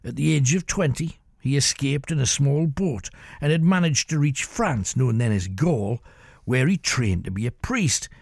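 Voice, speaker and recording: A man telling a grisly tale in a measured, dramatic storytelling manner as the show's host. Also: mid-range voice, animated, creaky, no room sound, studio quality.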